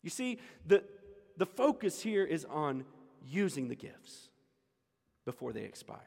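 A man's voice: a little high, sing-song, unhurried, vocal fry, a little mellow. Emphatic preacher man in an echoey hall. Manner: emphatic, repeats key lines. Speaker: pastor. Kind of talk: sermon. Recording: echoey hall with long reverb.

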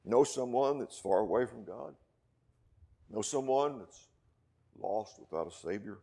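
A man with a West Texas accent preaching a sermon, dropping to hushed low lines and rising to loud, slowed emphatic peaks. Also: breathy edge. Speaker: pastor.

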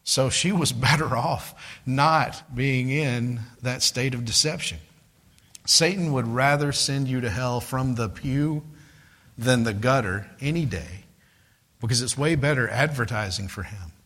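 A man preaches a sermon conversationally, calling his listeners "guys" and telling stories from his street witnessing, voicing others' quotes. His medium-pitched voice is fairly bright, at a measured pace.

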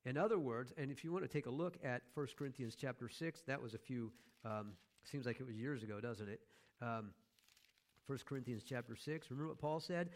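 A man's voice: mid-range voice, a little fast. A man preaching a sermon as pastor, conversational, with joking asides to the congregation.

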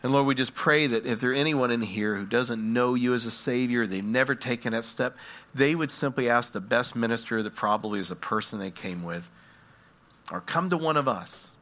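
A man preaching a sermon, telling stories dramatically and swinging from hushed tones to loud ones. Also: medium pitch, moderate pace.

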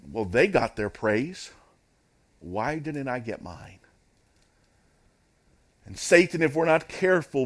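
A man preaching a sermon as pastor, in an emphatic, repetitive preaching cadence. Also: on the low side.

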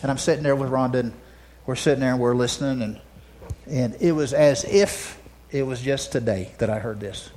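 With a medium-pitched voice at a moderate pace, a male pastor gives a sermon. He moves between emphatic, loud statements and soft asides, often repeating words when he starts a phrase over.

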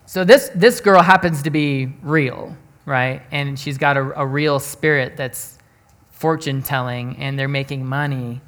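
A man preaching through a scripture passage in easygoing everyday speech. He is plainspoken and often repeats or restarts his words. He turns to his listeners with quick direct questions. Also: medium pitch, fairly bright tone. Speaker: pastor. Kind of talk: conversational Bible teaching.

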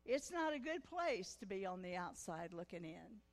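A guest preacher from Missouri gives a testimony sermon at a women's conference, starting with folksy storytelling and building to fervent preaching. Her medium-pitched voice is very animated at a normal speed, and the church conference hall echoes.

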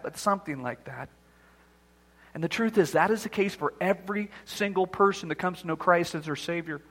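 A man's voice: high-pitched, bright, forceful tone, long reverb tail. A man preaching a sermon as pastor, acting out the quoted voices as he speaks.

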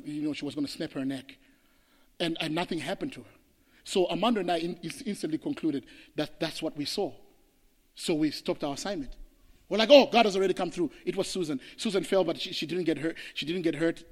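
A man from Zimbabwe, preaching a sermon as pastor, telling stories emphatically and swinging from hushed to loud. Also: on the high side. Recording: long hall reverb.

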